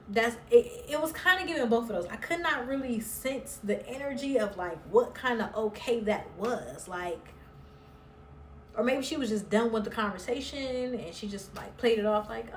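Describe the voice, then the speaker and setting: A woman's voice: fairly high pitch, animated, normal speed, slight background noise. A woman chatting bluntly and sassily as she recaps a reality show, swearing freely. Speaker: recap vlogger. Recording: roomy echo, somewhat far from mic.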